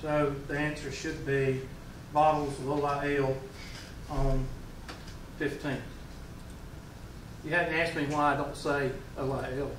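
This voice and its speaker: A man's voice: on the high side, little pitch movement, slow, long pauses, background noise. A man in his forties with a Southern US accent, a math teacher giving a folksy classroom lecture and quizzing his students. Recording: roomy classroom, mic far away.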